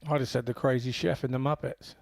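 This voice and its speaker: A man's voice: medium pitch, steady tone, quick pace, gravelly, a little hiss or hum. A man co-commentating on darts, jokey, with advice on the players' mindset. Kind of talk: live sports commentary.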